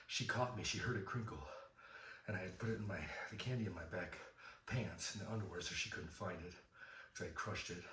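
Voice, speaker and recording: A man's voice: low-pitched, a bit bright, slight background noise. A middle-aged man from Southern California, rambling through a self-deprecating personal story with fillers and restarts. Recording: roomy, from a distance.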